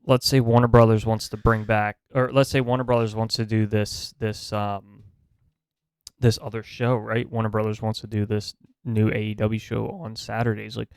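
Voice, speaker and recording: A man co-hosting a podcast in laid-back casual chat, pausing often on small fillers. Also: lowish voice, little pitch movement, clear, resonant tone, dry recording, clean studio sound. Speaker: podcast co-host.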